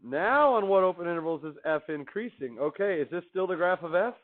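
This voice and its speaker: Fairly quick and animated, a high-voiced man runs a math class as a classroom lecture. He chats cheerfully, throwing out questions and answering them himself. The audio sounds thin and phone-like.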